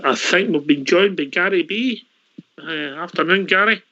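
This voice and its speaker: A Scottish man hosts a casual online call-in chat, his voice sitting a touch high. He talks in a loose, chatty way, dropping words like aye and wee. The audio is slightly dull, like an online call. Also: normal speed, pushed and bright. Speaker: call-in show host.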